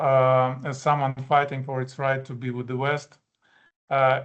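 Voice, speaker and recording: A male ambassador giving a formal talk in an even, monotone voice. He speaks with measured frankness and stops often to hesitate and restart his sentences. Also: mid-range voice. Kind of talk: formal speech at a policy event.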